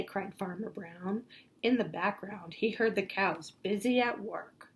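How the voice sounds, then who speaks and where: Slow, gravelly woman reading aloud. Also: mid-range voice. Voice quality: gentle, playful, pausing to point at pictures. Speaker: storybook reader for children. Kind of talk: children's read-aloud.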